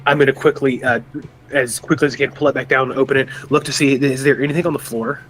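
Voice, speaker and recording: A man's voice: medium pitch, steady tone, quick pace, a bit bright, low-quality recording. A man playing a tabletop game, thinking aloud and restarting as he describes his actions. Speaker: player.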